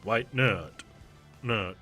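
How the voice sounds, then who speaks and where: Bright-voiced man rambling over a game. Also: fairly low pitch, very slow, faint music behind. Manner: rambling, many fillers and restarts, laughs often. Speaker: streamer. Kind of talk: casual game stream commentary.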